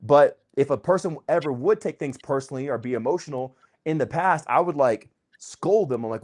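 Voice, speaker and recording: A man hosting a casual conversation, talking in an excitable, slangy way. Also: a little high, brisk, few pauses. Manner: excitable, slangy, uses "dude" and "bro". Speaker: host.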